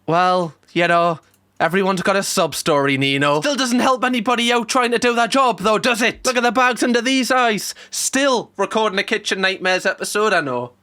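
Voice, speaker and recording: A man's voice: sits high, normal speed, sharp tone. A young man, giving casual, sarcastic reaction commentary and joking in mock voices. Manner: sarcastic, jokey, mock quotes of people. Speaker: reaction video host.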